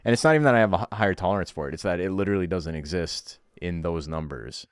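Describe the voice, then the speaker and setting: A man's voice: sits low, quick pace, clean tone, dry recording, clean studio sound. A young man streaming a game, ranting sarcastically in casual chat, swearing and laughing often.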